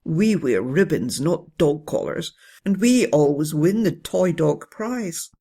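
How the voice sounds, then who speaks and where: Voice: mid-range voice, expressive, takes it slowly, dark tone, husky, heavily acted. A storyteller voicing a smug, boastful female poodle show dog in a bedtime story. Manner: boastful, snooty.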